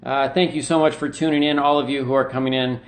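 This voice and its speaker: A man hosts a live comedy stream from his living room. He talks in a loose, rambling way, with lots of ums and dry jokes at his own expense, and his voice sits at an ordinary middle pitch. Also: fairly even intonation, quick pace. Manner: rambling and self-mocking, many fillers. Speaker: podcast host. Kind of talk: casual live-stream monologue. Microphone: webcam in his living room.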